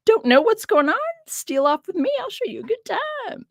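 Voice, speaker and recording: A brazen, empty-headed madam calling to passers-by in a high, sing-song Southern drawl, as a woman puts her on. The voice swoops well above her usual pitch, and the sound is close and dry with no room around it. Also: very animated, moderate pace, no room sound, exaggerated voice. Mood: coaxing. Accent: put-on Southern US.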